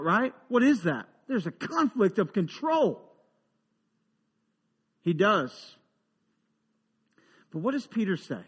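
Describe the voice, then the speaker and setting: A man preaching a humorous, conversational sermon, dropping into quiet asides and rising into emphatic build-ups. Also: very high voice, in a large hall. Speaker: pastor.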